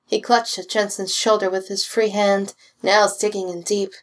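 A woman reading fan fiction aloud with steady, expressive storytelling. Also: mid-range voice, moderate pace. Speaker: reader.

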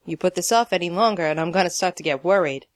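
A woman's voice: fairly low pitch, fast talker, no echo, lightly acted. A woman reading a story aloud, voicing a dry, sardonic young man who is a reluctant camper. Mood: wry. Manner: deadpan, sardonic.

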